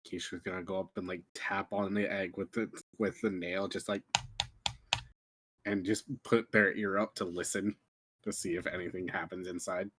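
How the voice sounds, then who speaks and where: A man's voice: low voice, flat delivery, moderate pace, a bit bright, husky. A man playing a tabletop game who describes his character's actions in a matter-of-fact way. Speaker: player. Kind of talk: tabletop role-play.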